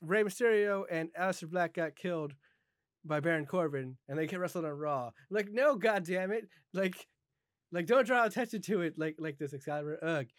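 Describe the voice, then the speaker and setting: Male podcast host, somewhat high voice, rambling rants, dry booth sound. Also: normal speed, no echo. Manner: ranting, stumbling restarts. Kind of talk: casual chat.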